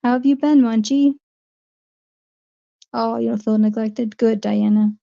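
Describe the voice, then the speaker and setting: A chatty woman with a New Jersey accent rambles through her livestream and answers viewer comments. Her voice is gravelly, flat and mellow, and the stream audio sounds dull and lo-fi. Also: on the high side, unhurried. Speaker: livestream host. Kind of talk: casual livestream chat.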